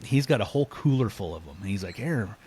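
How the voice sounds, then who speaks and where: A man, a podcast guest, telling a story in a casual, animated way, laughing often and acting out what people said. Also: on the low side, quick pace, a little hiss or hum. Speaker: podcast guest, elk hunter.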